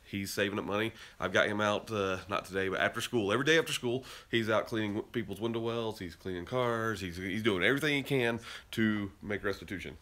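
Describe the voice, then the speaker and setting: A podcast host from Utah, US, talks in a lowish, sharp voice at a brisk clip, barely pausing. He tells a story casually and ramblingly, restarting often, until it turns heated and emphatic. The setting moves between a garage and a car, indoors and out.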